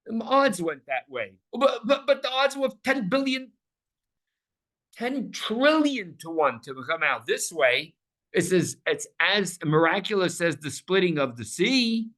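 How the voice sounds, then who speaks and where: A man's voice: high voice, animated, unhurried, fairly bright tone. Emphatic male scripture teacher. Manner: emphatic, repeats words while building a point. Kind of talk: classroom scripture lesson.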